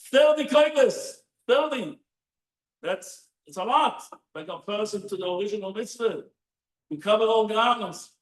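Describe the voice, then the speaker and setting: A man, a rabbi, giving a sermon with animated storytelling and lots of rhetorical questions, recorded in a synagogue hall. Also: high-pitched. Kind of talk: Torah sermon. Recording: roomy echo, distant mic.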